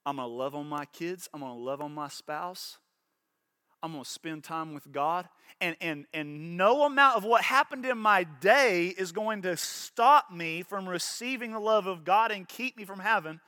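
Bright, impassioned male pastor preaching. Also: sits high, animated, moderate pace, dry recording, studio quality. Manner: impassioned, acts out voices, repeats words. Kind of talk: sermon.

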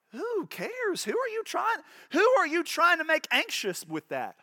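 A man's voice: very high voice, huge pitch swings, a little slow, few pauses, bright, forceful tone, no room sound, studio quality. A man preaching a sermon as pastor, impassioned, repeating words and acting out little voices.

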